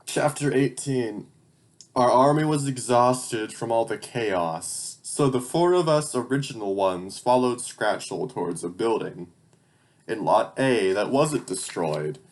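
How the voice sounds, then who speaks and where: A man's voice: mid-range voice, animated, measured pace. A young man reading his childhood stories aloud, breaking off for incredulous, sarcastic, swearing asides. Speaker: channel host.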